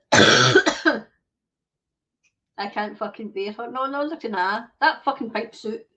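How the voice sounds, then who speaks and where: A woman's voice: fairly high pitch, fairly bright tone. A Scottish woman hosting a livestream, ranting angrily with lots of swearing and reading out viewer comments. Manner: angry, sweary, reads viewer comments aloud. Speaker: livestream host. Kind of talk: casual livestream rant. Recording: dull lo-fi stream audio.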